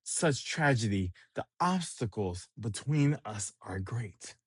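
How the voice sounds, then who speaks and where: A man's voice: mid-range voice, animated, slow pace, slightly rough, no room sound, studio quality, voice pushed down. A man voicing a lovesick young male cook, reading his dramatic declaration aloud.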